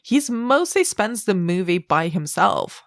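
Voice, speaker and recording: A woman's voice: mid-range voice, animated, unhurried, no room sound, studio quality. A woman co-hosting a podcast in casual film chat, speaking in a thoughtful, reflective way with some casual swearing. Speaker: podcast co-host.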